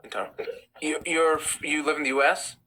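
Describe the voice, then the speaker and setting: A man's voice: on the high side, fairly even intonation, a little fast, sharp tone, low-quality recording. A man hosting a live stream, reading chat comments aloud and answering them bluntly. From United States. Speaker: livestream host.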